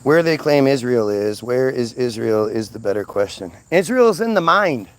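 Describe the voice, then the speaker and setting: A man's voice: mid-range voice, very animated, normal speed. A man ranting in an unscripted monologue, agitated, often repeating and restarting words. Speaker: commentator.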